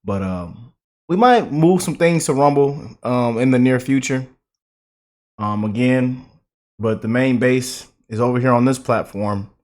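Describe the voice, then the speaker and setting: Excitable man hosting a reaction video. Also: medium pitch, measured pace. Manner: excitable, laughing, hyped banter. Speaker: YouTube reaction host. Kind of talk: casual reaction commentary.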